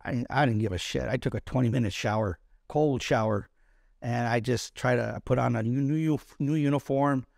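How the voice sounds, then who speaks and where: A man's voice: mid-range voice, normal speed, vocal fry, darkish tone, no echo, studio quality. A middle-aged man from East Los Angeles, an Army combat veteran telling his story in an interview, speaking bluntly with profanity and repeated words. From East Los Angeles, USA. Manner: blunt, profane, repeats words when emotional, acts out quoted voices.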